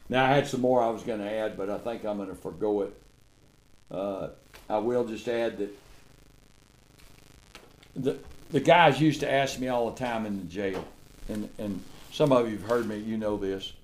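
Low-voiced older man preaching emphatically. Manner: emphatic, folksy, swings between loud declaiming and quiet asides; drawn-out repeated phrases and stammered restarts. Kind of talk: sermon.

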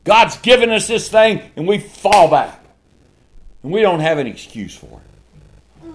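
A man preaching a sermon, swinging from shouted lines to hushed ones and laughing often. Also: fairly high pitch, moderate pace.

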